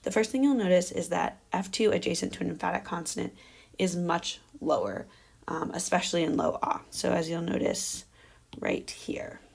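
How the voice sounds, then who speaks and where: A woman's voice: on the low side, animated, a little fast, vocal fry, darkish tone. A young adult woman giving an academic research presentation, explaining carefully with frequent fillers. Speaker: doctoral candidate presenting research.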